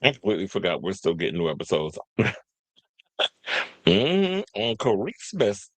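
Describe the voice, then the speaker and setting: A man with a lowish voice hosts casual entertainment news, rambling in slangy talk and forgetting names. He reads stories aloud and chats back with his viewers. The sound is close and dry, with no room around it. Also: huge pitch swings, a little slow, fairly bright tone, no room sound. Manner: rambling, slangy, loses his train of thought; talks to viewers and live chat.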